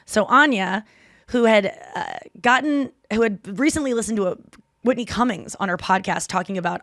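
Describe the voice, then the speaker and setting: A woman's voice: mid-range voice, fairly bright tone, dry recording. Chatty woman podcast host, dry sound. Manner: chatty storyteller, quick asides and self-corrections. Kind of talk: casual chat.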